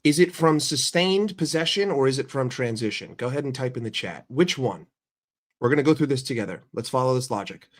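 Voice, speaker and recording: A young football streamer rants on a livestream about his team, swearing heavily and firing questions at his chat. His medium-pitched voice runs a little fast with lively intonation, and he's profane, heated and argumentative.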